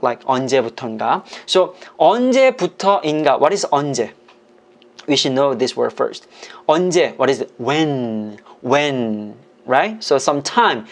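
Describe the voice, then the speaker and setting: Korean-native teacher explaining, asking "right?". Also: medium pitch. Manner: explains patiently, checks understanding with "right?"; speaks Korean phrases quickly and clearly, English slowly. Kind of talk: online language lesson.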